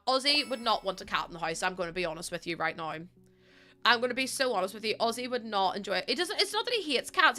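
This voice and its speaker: A young woman live-streaming a game, chatting casually with her viewers, giggling often and breaking into excited thanks. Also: a little high. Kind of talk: casual live-stream chat while gaming. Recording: faint game music behind.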